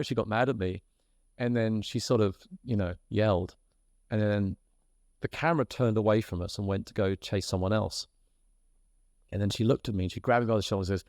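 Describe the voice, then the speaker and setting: Brief: British male guest, lowish voice, dry close sound, animated storyteller. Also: fairly quick, no echo. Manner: lively storyteller who acts out quoted voices and laughs as he tells. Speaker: podcast guest, actor. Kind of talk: casual anecdote telling.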